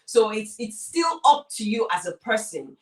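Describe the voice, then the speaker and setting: Her voice sits on the high side, sing-song and a little mellow, moving at a moderate pace through a reverberant space with a distant mic. As a lecturer co-hosting a conversational relationship talk, she stresses her points, repeats important words and speaks directly to the audience watching.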